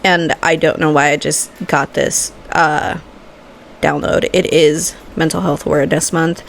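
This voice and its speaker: A woman's voice: sits low, level tone, unhurried, gravelly, slight background noise. A woman hosting a makeup vlog, giving a heartfelt, emotional motivational talk with casual swearing. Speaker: vlogger and makeup host.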